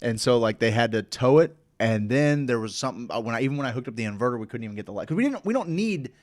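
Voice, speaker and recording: A man's voice: mid-range voice, expressive, quick pace, a little mellow, no echo. A man with a Midwestern American accent telling a long, profane, rambling story as host of a casual live show.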